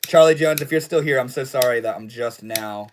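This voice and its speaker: Young male streamer, mid-pitched, casual and slangy, mumbles the ends of his sentences. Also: brisk, a little hiss or hum, poor audio. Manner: laid-back, slangy, trails off into low mumbles. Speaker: livestream host. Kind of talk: casual livestream chat, reading chat messages.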